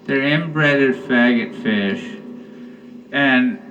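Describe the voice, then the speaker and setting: Man rambling through a slow, profane stand-up set. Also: mid-range voice, a bit bright, distant mic, dull audio, slight background noise. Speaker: stand-up comedian.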